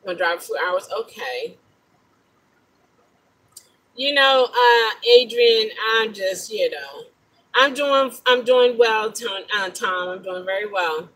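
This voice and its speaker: A middle-aged woman with an African-American English accent, a rideshare driver telling stories in a casual vlog, animated and incredulous. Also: mid-range voice, slow, low-quality recording. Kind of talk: casual talking-to-camera vlog.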